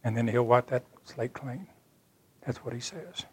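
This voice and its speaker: A man's voice: mid-range voice, unhurried, breathy edge. A man giving an earnest, plainspoken sermon as a personal story, acting out the dialogue of the people in it. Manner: plainspoken and folksy. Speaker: church speaker.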